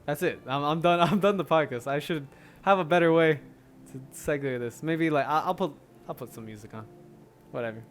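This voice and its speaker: A man's voice: a little high, fairly quick, soft background music. Rambling young man hosting a solo podcast. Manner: rambling, laughs often, many restarts and fillers. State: out of breath. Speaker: podcast host. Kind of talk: casual solo podcast monologue.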